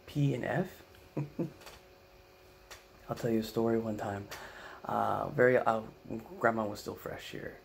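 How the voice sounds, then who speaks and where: A man telling a comic family story in an animated way, acting out the quotes. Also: fairly low pitch, unhurried, gravelly, long pauses, slight background noise. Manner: animated, acts out quotes, laughs. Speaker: vlogger, comedic storyteller. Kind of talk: comedic storytelling.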